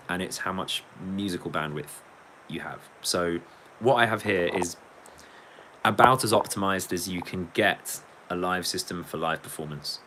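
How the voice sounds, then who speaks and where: An English man, a musician on a livestream, speaks in a low, fairly bright voice, rambling casually, joking, swearing, and reading viewer comments out loud. The audio is poor, with slight background noise.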